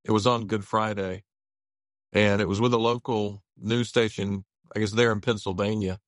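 A man's voice: lowish voice, steady tone, normal speed, no echo, studio quality. A man co-hosting the interview as a pastor, asking long questions and restarting his phrases as he searches for words. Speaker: co-host, pastor.

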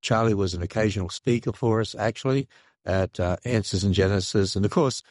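An older man with an Australian accent, speaking earnestly and haltingly as a radio interview guest. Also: fairly low pitch, a little mellow, no room sound, studio quality. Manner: earnest, measured, halting with restarts. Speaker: guest, creationist ministry leader.

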